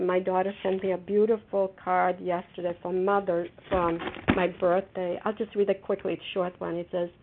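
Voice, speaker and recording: A middle-aged woman sharing at a twelve-step phone meeting, earnest and halting, with many restarts. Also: lowish voice, vocal fry. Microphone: telephone. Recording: phone line.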